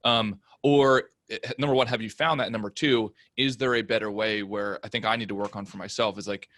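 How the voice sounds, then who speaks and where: A man hosting a podcast in casual chat, asking thoughtful, measured questions. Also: fairly low pitch, fairly even intonation, fairly bright tone, dry recording. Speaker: podcast host.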